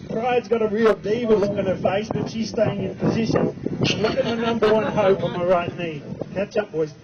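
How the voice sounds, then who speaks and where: A man's voice: sits high, fairly even intonation, normal speed, heavy background noise. A man with an Australian accent giving a joking, chatty horse training demonstration in an outdoor arena. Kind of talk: live arena demonstration with commentary. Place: outdoor arena at a race track. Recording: lo-fi with loud outdoor ambience.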